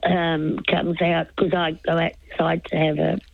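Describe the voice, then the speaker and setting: A woman's voice: deep voice, flat delivery, unhurried. An older woman calling in to a radio show, rambling and hesitant with lots of fillers, a little tipsy from a few wines. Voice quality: gravelly. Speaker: radio caller. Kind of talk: casual phone chat. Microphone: telephone. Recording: dull lo-fi phone line.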